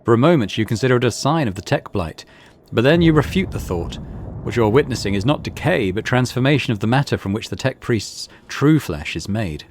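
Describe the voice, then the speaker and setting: A man's voice: mid-range voice, lively intonation, fairly quick, slight background noise. Man reading game text aloud. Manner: plain reading broken by casual asides. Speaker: gaming YouTuber.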